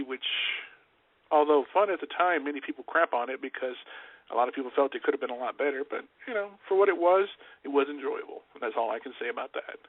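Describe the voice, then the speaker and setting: A man's voice: fairly high pitch, no echo. A man co-hosting a casual wrestling radio show, rambling with fillers and restarts. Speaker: podcast co-host. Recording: tinny phone-line audio, dry.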